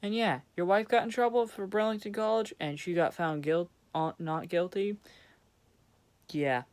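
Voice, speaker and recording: Profane ranting young man, smooth voice. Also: high voice, moderate pace, darkish tone. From Vermont, USA. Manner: profane, blunt, sarcastic. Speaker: vlogger. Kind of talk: angry ranting monologue.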